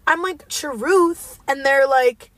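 A woman's voice: high voice, slow, no room sound. A young woman hosting a podcast, chatting casually and telling stories with giggles. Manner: giggly, animated storytelling. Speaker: podcast host. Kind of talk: casual chat.

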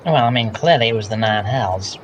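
A woman's voice: very deep voice, expressive, fairly quick, background noise. A woman player in a tabletop game who describes her character's actions in a drawling way. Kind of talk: casual tabletop game chat.

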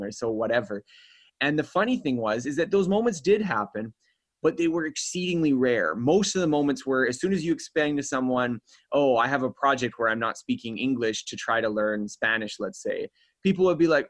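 A man being interviewed as an author, explaining his ideas in a thoughtful, measured way. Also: medium pitch, no room sound. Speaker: author and guest. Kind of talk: interview answers.

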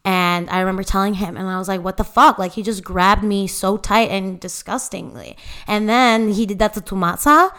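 Young woman, podcast co-host; smooth, clear voice, mid-pitched; animated, filler-heavy storytelling. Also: moderate pace. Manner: animated retelling with quoted voices, many fillers. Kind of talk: casual storytelling chat.

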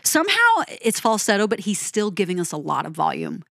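A woman's voice: medium pitch, huge pitch swings, fairly quick, creaky, fairly bright tone, dry recording, studio quality. A woman talking through a rock song she loves, gushing about the playing and speaking directly to her viewers. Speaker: music reviewer. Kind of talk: enthusiastic song breakdown.

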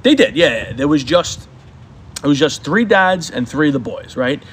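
A man's voice: a little high, lively intonation, normal speed, a bit bright, slightly rough. A man co-hosting a podcast, boastfully telling crude stories and laughing at himself. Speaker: podcast co-host. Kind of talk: casual chat.

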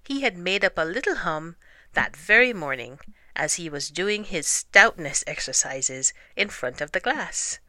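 A woman narrating a children's storybook aloud, gentle and expressive. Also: lowish voice, measured pace, no echo. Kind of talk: storybook reading.

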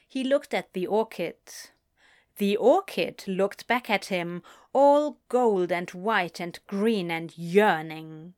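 A woman reading a story aloud as narrator, expressive and unhurried. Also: mid-range voice. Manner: slow, expressive storytelling with lively inflection. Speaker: reader.

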